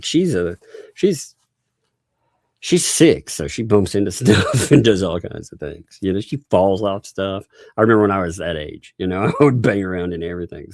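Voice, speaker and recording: A man's voice: deep voice, darkish tone, no room sound, clean studio sound. A male livestream host giving casual, rambling commentary, chuckling often and speaking straight to his chat. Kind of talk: casual live-stream commentary.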